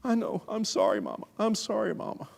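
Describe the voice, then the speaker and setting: A man's voice: huge pitch swings, a little fast, vocal fry, heavily acted. A man voicing a clingy, whining four-year-old boy. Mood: sorry. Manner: whining, high-pitched.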